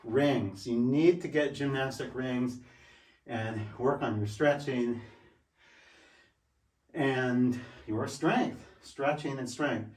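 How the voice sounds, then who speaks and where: A man's voice: medium pitch, slow pace, pauses often, a little mellow, recorded from a distance. A man in his sixties talking casually in a home vlog, a little out of breath, emphatic and repeating his points as he demonstrates. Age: 60s. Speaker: fitness vlogger. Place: room at home. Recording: roomy, from away from the mic.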